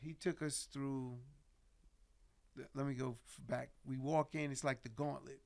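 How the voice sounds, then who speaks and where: A middle-aged man telling stories as a podcast guest in a casual, animated way. He swears freely and laughs through his tales. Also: medium pitch, measured pace, gravelly. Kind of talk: casual storytelling interview.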